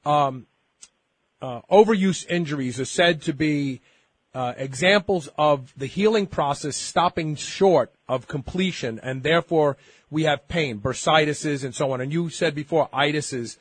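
Brisk male radio host, raised pitch. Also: slightly rough, dry recording. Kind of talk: interview questions and show sign-off.

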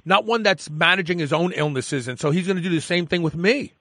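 A man hosting a radio talk show, speaking in an emphatic, lively way. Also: high-pitched, brisk, no echo, clean studio sound.

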